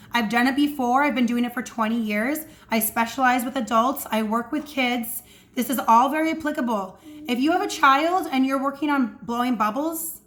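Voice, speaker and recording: Female swim coach, high bright register, energetic casual teaching from home. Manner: energetic, demonstrates breathing sounds. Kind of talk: casual instructional talk to camera. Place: at home indoors.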